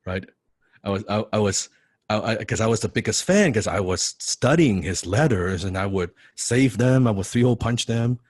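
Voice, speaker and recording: Low-voiced man telling a lively story. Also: a little fast, breathy edge, no echo, clean studio sound. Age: young adult. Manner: animated, repeats words, laughs often. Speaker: business coach. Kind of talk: casual motivational storytelling.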